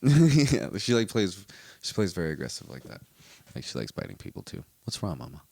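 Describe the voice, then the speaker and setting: A man hosting a casual comedy podcast, animated and swearing often, breaking into silly voices to tell stories. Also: deep voice, fairly quick, creaky, no echo. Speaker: podcast host. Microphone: home video podcast setup.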